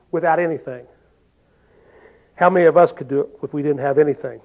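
A man's voice: fairly high pitch, quick pace, pauses often. A man preaching a sermon in a folksy way, often asking the listeners questions and saying "see?". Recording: tinny phone-like sound.

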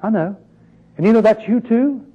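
A preacher voicing God the Father as a gentle, comforting man who speaks softly and low. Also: normal speed, slightly rough, lo-fi sound. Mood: soothing. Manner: hushed, soothing, very soft.

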